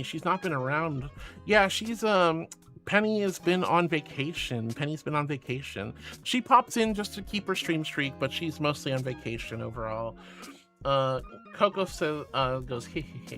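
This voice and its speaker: Male streamer, bright tense voice, a bit high, playful and affectionate, faint music behind. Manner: playful, affectionate, reading chat aloud. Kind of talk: casual livestream chat.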